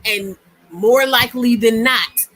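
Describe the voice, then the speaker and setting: A woman's voice: fairly high pitch, takes it slowly, fairly bright tone, low-quality recording. A woman hosting a casual live-stream talk, speaking in a chatty, emphatic way and often repeating herself. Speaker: host.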